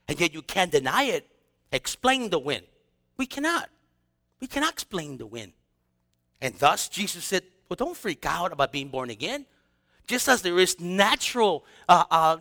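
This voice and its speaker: A male pastor preaching with a high, very lively voice that leaps up and down. His tone is bright and his delivery is casual and animated, full of slang and acted-out quotes. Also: long reverb tail. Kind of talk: sermon.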